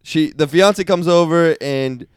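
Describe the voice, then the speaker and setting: A man's voice: on the high side, takes it slowly, smooth, no room sound, clean studio sound. A man co-hosting a podcast, casually recapping a show and laughing often. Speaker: podcast co-host. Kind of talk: casual chat.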